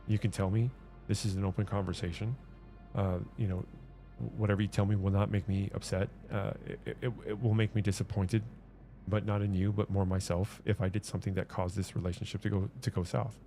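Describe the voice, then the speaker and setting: A man's voice: lowish voice, level tone, brisk, mellow, soft background music. A man streaming, telling a personal story in an earnest, rambling way with many restarts and repeated words. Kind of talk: casual livestream chat.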